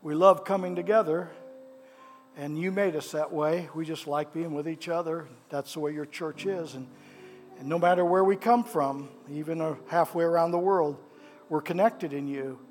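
A male pastor delivering a sermon and prayer in a church sanctuary. His voice sits a bit high, and he preaches with a fervent cadence, repeating his phrases for emphasis. Soft music plays faintly underneath. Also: steady tone, moderate pace.

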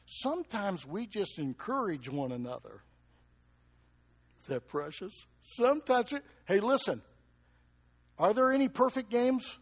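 Man, pastor, sermon, high-pitched voice, lively, asks the congregation questions. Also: a little slow, pauses often, breathy edge.

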